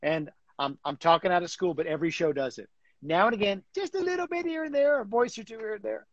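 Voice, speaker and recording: Man, talkative interview guest, slightly high voice, dry muffled audio. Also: quick pace, no echo. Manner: animated, lots of fillers and restarts. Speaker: guest, comic book writer. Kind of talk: casual interview chat.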